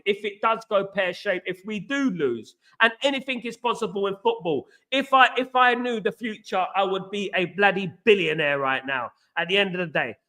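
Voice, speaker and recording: A fired-up man chats through a football live stream, rambling and passionate as he answers viewers in the chat. His voice sits high for a man and has a bright, forceful edge. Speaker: livestream host and football fan.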